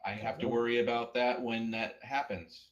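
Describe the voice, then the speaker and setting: A man's voice: medium pitch, flat delivery, moderate pace, lo-fi sound. A man playing in a tabletop game, casually asking the game master questions about the rules. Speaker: player.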